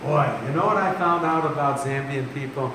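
Speaking a little fast in a voice on the high side, this preacher jokes his way through folksy sermon stories and laughs at them himself. The recording has background noise, an echoey room and faint ambience.

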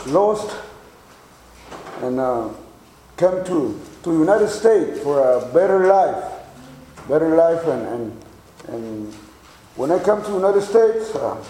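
A man in his sixties from Mexico with a Mexican Spanish accent, giving a halting church testimony full of repeats and fillers. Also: fairly high pitch, sing-song, mellow, reverberant, slight background noise, rough recording. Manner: halting, many repeated words and fillers, chuckles.

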